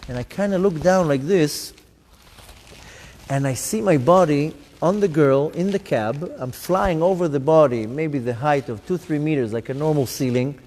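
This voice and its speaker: Speaking at a moderate pace in a slightly high, mellow voice, a rabbi recounts his story to a congregation. He voices his own thoughts and those of other people, and the live synagogue hall recording carries a long reverb.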